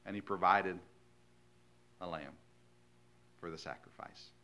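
A male pastor preaching a sermon in a folksy, earnest storytelling way, swinging from hushed lines to loud emphasis. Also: deep voice, a little slow.

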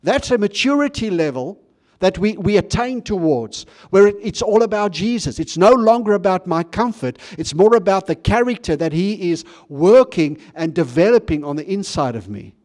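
A man's voice: sits high, expressive, normal speed, a little mellow. A man preaching a sermon in a conversational way, with frequent restarts and questions to the congregation. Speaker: pastor.

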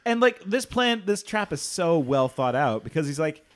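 A man co-hosting a casual book podcast, animated and laughing often. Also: on the high side, moderate pace. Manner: animated, laughs often, reads quotes in put-on voices. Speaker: podcast co-host.

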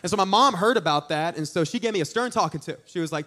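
A young man preaching a sermon, telling stories in an animated, joking way with asides to the congregation. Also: high-pitched, quick pace, few pauses. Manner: animated, jokey storytelling with audience asides. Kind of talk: storytelling sermon.

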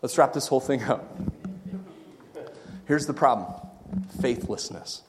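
A married pastor preaching a sermon to his church, swinging from quiet asides to shouted excitement and laughing at his own jokes. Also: mid-range voice, unhurried, noisy background. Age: adult, married. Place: church sanctuary. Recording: long reverb in a church hall.

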